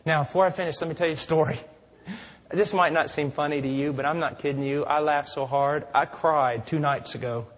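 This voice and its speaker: A man with a high, husky voice preaches in a church, with a conversational, folksy delivery. His words ring out with a long reverb that fills the large room. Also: steady tone, brisk. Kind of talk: sermon.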